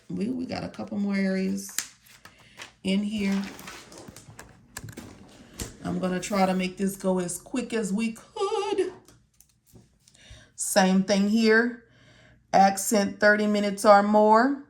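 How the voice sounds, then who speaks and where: Taking it slowly, with long pauses, this woman guides listeners through a medical coding tutorial in a gravelly, mid-range voice. She repeats important terms and asks and answers her own questions. A little background noise is audible.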